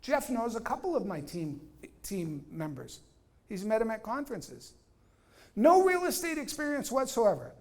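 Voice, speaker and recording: A man giving an energetic, blunt real estate training talk, acting out dialogues and quizzing his audience. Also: sits high, normal speed. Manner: energetic, acts out dialogues, asks audience questions. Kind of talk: live training talk to agents.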